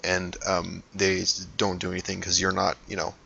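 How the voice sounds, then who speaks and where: Low gravelly game master man. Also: completely flat delivery, moderate pace, sharp tone, a little hiss or hum. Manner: rambling, filler-heavy narration. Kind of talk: narrating a tabletop game. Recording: dull lo-fi recording.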